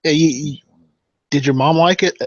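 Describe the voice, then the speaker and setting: Man, halting speech, lots of restarts, dry close sound, lo-fi. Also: a little high, steady tone, no room sound. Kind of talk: casual chat. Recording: dry, dull lo-fi audio.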